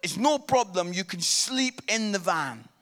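A man voicing a calm, reassuring male safari guide while retelling a story in a sermon. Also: sits high, unhurried, in a large hall.

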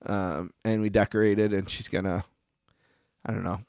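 A man's voice: fairly low pitch, flat delivery, moderate pace, darkish tone, no echo, clean studio sound. A man co-hosting a podcast in casual chat, rambling and easygoing with plenty of fillers. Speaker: podcast co-host.

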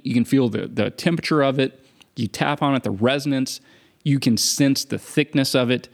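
A man with a medium-pitched voice and vocal fry co-hosts a podcast in casual conversation. He's opinionated and wry, driving his points home with emphasis.

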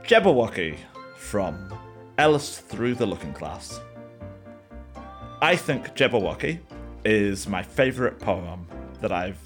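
A man who gives a short personal introduction and then reads a nonsense poem aloud in a slow, deliberate way. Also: medium pitch. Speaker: poetry reader.

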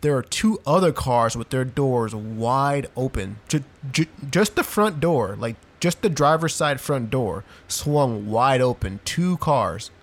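A man's voice: mid-range voice, lively intonation, unhurried, few pauses. A young man chatting casually on a podcast, telling a long story full of "like" and "dude". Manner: rambling storyteller, heavy use of "like" and "dude". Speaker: podcast co-host. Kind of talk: casual chat.

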